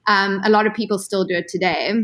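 A woman in her thirties from South Africa, a yacht stewardess who is a guest on an interview show, telling her stories in an animated, chatty way with lots of filler words. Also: medium pitch, quick pace. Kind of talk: casual storytelling interview.

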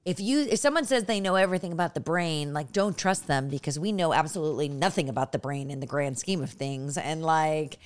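A woman's voice: low voice, a little fast, hardly any pauses. A woman hosting a podcast in casual chat, eager and rambling, with many fillers and restarts. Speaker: podcast host.

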